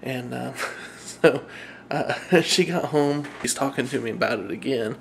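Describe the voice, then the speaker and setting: A man's voice: mid-range voice, a little slow, creaky, a little hiss or hum. A tired man talking casually to his camera for a family vlog, rambling and chuckling as he goes. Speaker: family vlogger.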